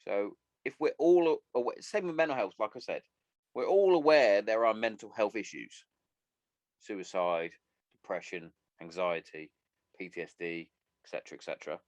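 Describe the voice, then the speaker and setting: A man's voice: on the low side, expressive, moderate pace, no echo. A man hosting a solo podcast, ranting bluntly and swearing a lot. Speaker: podcast host.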